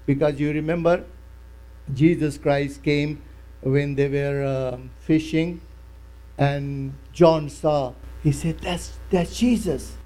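A man preaching a sermon, emphatic and repetitive, explaining a Bible passage slowly. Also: on the high side, steady tone, warm tone, low-quality recording. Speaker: pastor.

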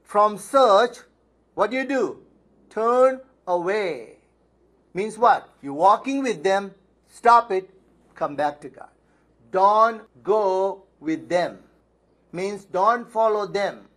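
A man with a high, slightly bright voice preaches a sermon as a pastor, reading from the Bible at a slow pace with frequent pauses and lively intonation. He is emphatic, poses questions and answers them himself, and repeats phrases for stress.

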